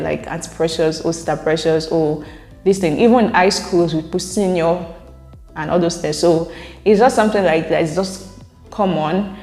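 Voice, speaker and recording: Reacting to comments from her viewers, a Nigerian-accented vlogger chats casually and laughs between points. Her voice is mellow and on the low side, recorded with a roomy echo and long reverb.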